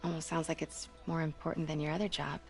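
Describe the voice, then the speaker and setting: An actress voicing a sharp, probing young woman reporter in a game. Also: sits low, level tone, quick pace, vocal fry, soft background music. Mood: wry. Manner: probing, wry.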